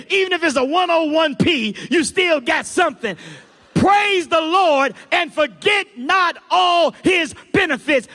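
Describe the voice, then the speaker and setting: A pastor preaching a sermon with rising, shouted emphasis. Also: male voice, very high voice, big-room sound. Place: large church auditorium.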